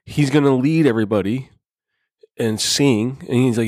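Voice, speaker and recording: A man's voice: mid-range voice, normal speed, dry recording, clean studio sound. A man casually telling crude stories on a podcast, acting out the dialogue as a father. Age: adult father. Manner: crude, animated storyteller who acts out dialogue. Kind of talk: casual storytelling chat.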